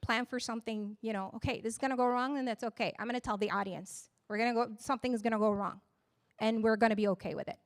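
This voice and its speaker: A woman's voice: a little high, steady tone, fast talker. A woman on a panel giving earnest, motivational advice, often repeating short phrases for emphasis. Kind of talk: panel discussion with audience.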